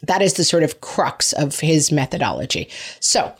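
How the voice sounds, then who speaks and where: A woman's voice: low voice, very animated, moderate pace, slightly rough. A woman hosting a parenting podcast, giving frank, chatty advice and poking fun at herself. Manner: frank, chatty, self-mocking. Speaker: podcast host answering parenting questions. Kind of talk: casual advice chat.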